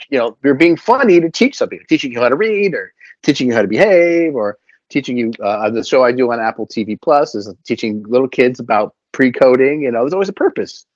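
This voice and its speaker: A man's voice: mid-range voice, dry recording. A man, a puppeteer and voice actor, chatting animatedly as an interview guest and filling his talk with fillers. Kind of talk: casual interview storytelling. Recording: slightly dull, dry recording.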